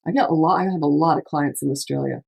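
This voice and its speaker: A middle-aged woman coaching parents in a relaxed podcast chat. Her voice sits low for a woman, and she talks in an emphatic, chatty way, slipping into little acted-out lines. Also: quick pace, vocal fry, breathy edge. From Canada. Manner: chatty, emphatic, laughs often, acts out quotes. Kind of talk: casual advice chat.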